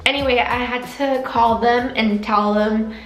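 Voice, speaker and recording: A young woman speaks to her camera in a somewhat high, chatty voice, full of likes and restarts. She is open and emotional, now and then close to tears. The room is echoey, with faint music underneath. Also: fairly even intonation, measured pace. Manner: emotional, openly tearful at times. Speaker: veterinary student vlogger. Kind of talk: personal vlog talking to camera.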